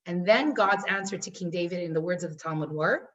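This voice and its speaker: A woman's voice: on the low side, a little fast, far from the mic, dull audio. Earnest woman teacher heard from afar. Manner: earnest, storytelling, repeats for emphasis. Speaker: class teacher. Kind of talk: teaching a class.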